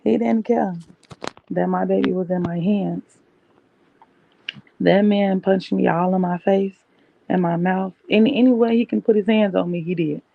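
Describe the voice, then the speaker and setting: Woman with a gravelly voice, candid storytelling. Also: mid-range voice, no room sound. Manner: candid, conversational, animated retelling. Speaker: podcast host. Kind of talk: personal storytelling. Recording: dull, dry, lo-fi mic.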